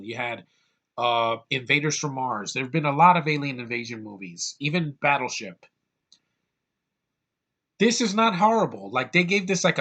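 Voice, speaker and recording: Guy ranting about a movie in a small hot room, bright voice, swears a lot, lots of uhs. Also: mid-range voice. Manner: blunt, ranting, profane, many fillers. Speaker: movie reviewer. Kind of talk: casual rant-style movie review.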